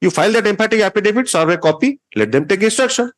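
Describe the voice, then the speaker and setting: Stern fast-talking Indian judge. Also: male voice, high-pitched, lively intonation. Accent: Indian English. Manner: stern, lecturing, rebuking. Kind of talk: courtroom hearing. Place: courtroom.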